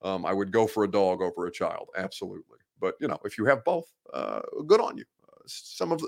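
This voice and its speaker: Young male sports-talk host, blunt and candid, rambling, lowish voice. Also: big pitch swings, brisk, creaky. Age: 20s. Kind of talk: casual live show chat, reading viewer comments. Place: office.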